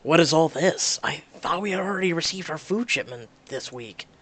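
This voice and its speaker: A woman voicing an earnest young man in a story game, speaking in a lowered voice. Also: expressive, moderate pace. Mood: curious.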